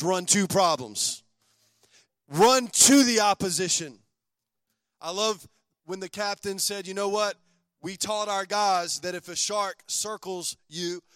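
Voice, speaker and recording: A male pastor preaching a lively sermon, calling on his congregation to repeat lines after him. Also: high voice, no echo.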